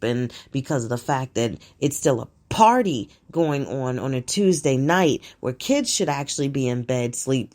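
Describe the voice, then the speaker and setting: Low-voiced, animated, profane woman host. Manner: profane, blunt and animated, laughing often. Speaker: host of her own show. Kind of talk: casual monologue on current events.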